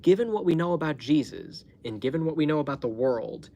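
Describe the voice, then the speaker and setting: A man's voice: on the high side, animated, fairly quick, vocal fry, dark tone. Chatty man telling a story on a live stream. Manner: chatty, laughs often, swears freely. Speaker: livestream host. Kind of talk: casual storytelling livestream.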